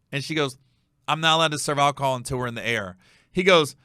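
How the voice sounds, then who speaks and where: A man's voice: medium pitch, brisk, no echo, clean studio sound. A man, a comedian host telling a story and acting out the other people in it. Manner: animated, acts out the other voices in the story. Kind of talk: storytelling monologue.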